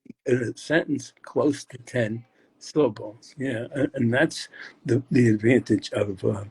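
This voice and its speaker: An older man, a guest poet, chatting casually about poetry in a rambling, halting way as he searches aloud. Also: medium pitch, a little mellow, breathy edge. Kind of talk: casual chat explaining poetry.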